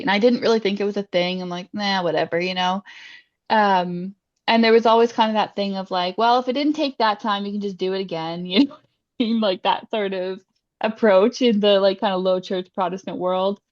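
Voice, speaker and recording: A woman's voice: medium pitch, dry recording. Chatty, heartfelt woman on a call. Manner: chatty, lots of fillers, laughs often; emotional, heartfelt. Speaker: guest sharing her faith testimony. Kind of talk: casual testimony interview. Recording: dry, slightly dull sound.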